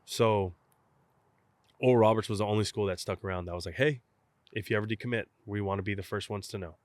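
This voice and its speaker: This interview guest, a young pro baseball catcher from South Texas, talks quickly in a lowish voice while casually telling a story. He animatedly plays both parties in old phone calls, and the recording is dry.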